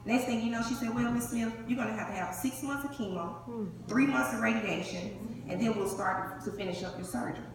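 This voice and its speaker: A woman's voice: on the high side, a little fast. A young woman, telling her own survival story to a live audience and acting out each voice in it. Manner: animated, acts out the dialogue. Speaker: breast cancer survivor giving a testimony. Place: large hall before an audience. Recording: echoey hall, far from the mic, crowd noise.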